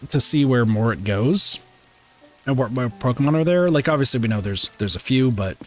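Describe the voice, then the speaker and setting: A man streaming a life-simulation game, chatting casually and rambling with lots of filler words and self-corrections, sounding a bit sleepy. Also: medium pitch. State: sleepy, yawning. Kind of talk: casual gameplay stream commentary.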